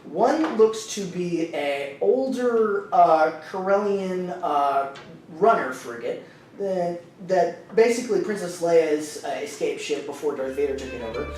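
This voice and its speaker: A man's voice: fairly high pitch, expressive, unhurried, a little mellow, soft background music. A man narrating a tabletop game as game master, in a laid-back, rambling way. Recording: echoey room, mic far off.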